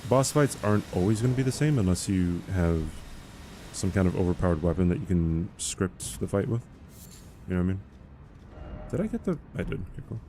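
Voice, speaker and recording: A man's voice: low-pitched, fairly quick, mellow, slight background noise. A man streaming a game live, chatting casually and answering chat questions in a rambling, easygoing way.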